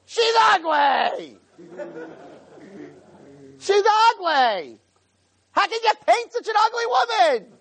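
A man voicing a loud, pushy old Jewish lady tourist who shouts her complaints. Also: very high-pitched, very animated, slow pace, gravelly, long pauses, voice pushed up, full character voice. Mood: shrill complaining.

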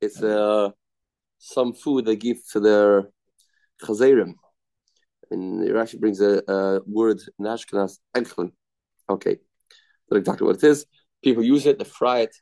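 A man's voice: lowish voice, dark tone. Repetitive man thinking aloud over Talmud. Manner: repetitive, thinking aloud, mixing Aramaic terms into English. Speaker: Talmud teacher. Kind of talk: Talmud study lesson.

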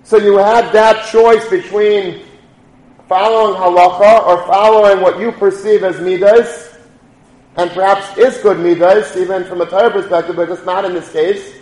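A man voicing an exacting elderly male yeshiva mentor who scolds with emphatic, drawn-out stresses. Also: high voice, steady tone, a little mellow, lightly acted. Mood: reproachful. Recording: echoey room.

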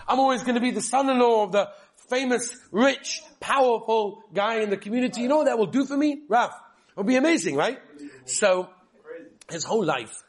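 A man giving a lively Torah lesson, telling stories and addressing his listeners directly. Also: very high voice, a little hiss or hum. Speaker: Torah teacher.

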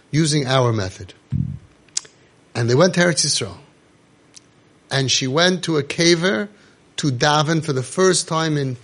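A man's voice: a little high, creaky, a bit bright. A man, delivering an impassioned monologue full of rhetorical questions and Yiddish terms. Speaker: parenting organization speaker.

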